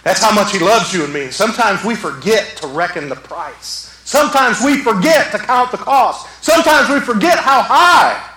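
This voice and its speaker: High, bright-voiced preacher. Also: male voice, lively intonation, normal speed, few pauses, roomy sound, poor audio. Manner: passionate preaching that swings from loud shouts to quiet asides. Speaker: pastor. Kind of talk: sermon.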